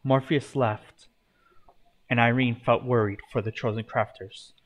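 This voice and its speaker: A man's voice: medium pitch, steady tone, unhurried. Man reading a fan story aloud.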